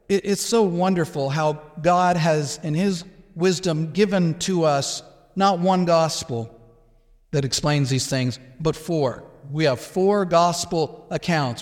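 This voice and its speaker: A pastor explaining a passage in a measured sermon, with restarts and small asides. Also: male voice, fairly high pitch. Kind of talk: expository sermon. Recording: long hall reverb.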